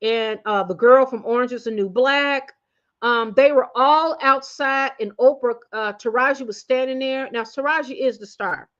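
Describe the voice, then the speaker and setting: High-voiced woman ranting in slang. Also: normal speed, dull audio. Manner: animated, swings between loud outbursts and muttered asides; slangy, meandering with many fillers and restarts. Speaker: commentary channel host. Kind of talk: casual opinion rant.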